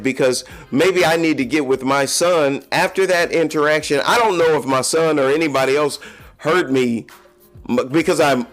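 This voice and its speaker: Candid man hosting a solo podcast. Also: medium pitch. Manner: candid, confessional, talks straight to listeners. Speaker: podcast host. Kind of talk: casual solo podcast monologue.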